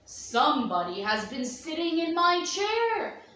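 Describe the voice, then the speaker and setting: Woman puts on a grumpy great big bear for a storybook read-aloud, loud and roomy. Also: high voice, very animated, takes it slowly, a little hiss or hum, exaggerated voice. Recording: echoey room, distant mic.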